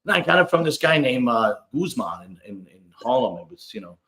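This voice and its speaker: A man's voice: mid-range voice, big pitch swings, brisk, a bit bright, roomy sound. A man in his forties hosting a podcast, chatting casually and rambling with frequent restarts. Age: 40s. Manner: rambling, stammers and restarts often. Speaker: podcast host. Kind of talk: casual chat.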